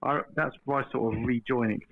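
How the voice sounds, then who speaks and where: A man's voice: mid-range voice, fairly even intonation, fast, gravelly, dry recording. A man co-hosting a podcast, talking hesitantly and stumbling over his words. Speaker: podcast co-host. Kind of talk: casual podcast chat. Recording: dry, tinny phone-like line.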